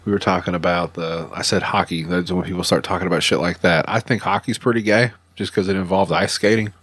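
Gruff profane man, dry close mic. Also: low voice, fast talker, dry recording. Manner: profane, animated storytelling with loud mock-quotes. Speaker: podcast host. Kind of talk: casual chat.

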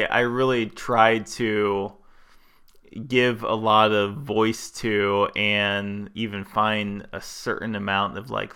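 A man's voice: fairly low pitch, creaky, sharp tone, smooth. A man co-hosting a podcast, talking in a thoughtful, searching way, often stopping and restarting his sentences. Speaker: podcast co-host. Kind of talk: reflective podcast discussion.

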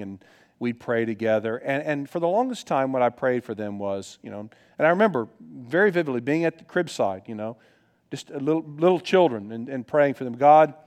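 Earnest middle-aged pastor preaching. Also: male voice, medium pitch, darkish tone, clean tone. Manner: earnest, conversational storytelling with many restarts. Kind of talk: sermon.

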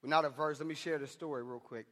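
Man, high voice, sermon, impassioned and conversational, slangy asides, church hall with long reverb. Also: steady tone, fast talker, a bit bright. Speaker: preacher.

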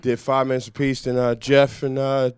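A man's voice: mid-range voice, normal speed, clear, resonant tone, no room sound. A man, a comedian guest on a podcast, telling loose, profane stories in studio. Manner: loose, profane, animated storytelling. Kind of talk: casual storytelling.

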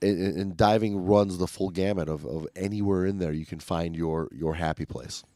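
A man's voice: sits low, fairly even intonation, normal speed, dark tone, no room sound, studio quality. A man co-hosting a podcast in casual chat, rambling and upbeat with lots of fillers and restarts. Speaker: podcast co-host.

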